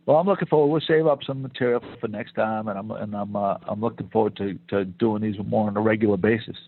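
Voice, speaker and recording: A man's voice: on the low side, fast talker, slightly rough, phone-quality sound. A man co-hosting a casual podcast, rambling with lots of restarts and repeated words. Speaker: podcast co-host.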